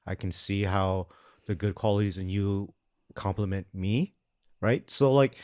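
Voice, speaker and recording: A man co-hosting a podcast with his wife, talking in a relaxed, rambling way with false starts. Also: lowish voice, unhurried, clean tone, no echo, clean studio sound. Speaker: podcast co-host. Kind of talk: casual chat.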